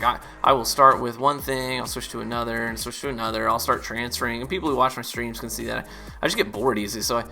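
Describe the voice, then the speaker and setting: A man giving relaxed, chatty gameplay commentary as a streamer. He uses lots of fillers and laughs easily. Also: mid-range voice, vocal fry. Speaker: gaming YouTuber and streamer.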